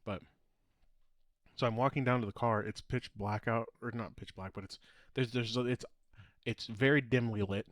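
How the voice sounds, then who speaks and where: A man's voice: mid-range voice, fairly even intonation, normal speed, long pauses, dry recording. Rambling, laughing male podcast host. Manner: rambling storyteller, laughs often, trails off mid-sentence. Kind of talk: casual chat.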